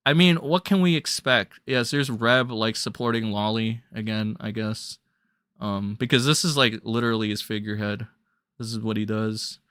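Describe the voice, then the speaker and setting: A man's voice: lowish voice, steady tone, normal speed, smooth, no echo, studio quality. Blunt, crude ranting male streamer. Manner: blunt, crude, ranting with sudden loud jumps. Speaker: drama commentary streamer. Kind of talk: profane livestream commentary.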